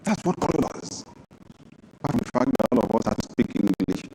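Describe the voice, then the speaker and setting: A man preaching a sermon as pastor, reading scripture aloud, moving from low asides to sudden high, emphatic bursts. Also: animated, a little fast, noisy background. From Nigeria. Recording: long hall reverb.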